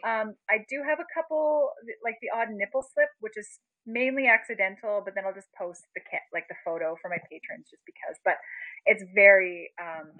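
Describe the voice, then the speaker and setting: A woman's voice: mid-range voice, steady tone, moderate pace, dry recording, phone-quality sound. A young woman from Canada chatting casually on a phone live stream, greeting viewers by name and giggling as she talks. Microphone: phone being propped up.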